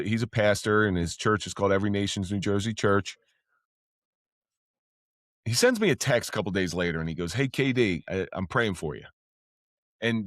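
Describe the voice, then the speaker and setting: Ex-cop guy on a podcast, low voice, dry close sound, swears, gets loud and high when excited. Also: no echo. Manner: candid, swears freely, pitch jumps up when excited. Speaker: podcast guest, former police officer. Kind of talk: casual storytelling.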